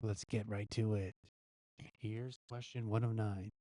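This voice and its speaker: A man's voice: lowish voice, level tone, unhurried, warm tone, no room sound. A male host casually reading out news quiz questions, guessing the answers himself and chuckling at his own gag options.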